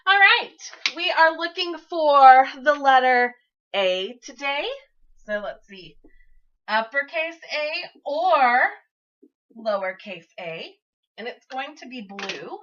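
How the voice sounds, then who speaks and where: Upbeat woman teacher, bright tense voice, slow and careful, kinda muffled lo-fi sound. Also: high voice, animated. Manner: encouraging, sing-song, speaks to young children. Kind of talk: early-grade classroom lesson. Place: classroom.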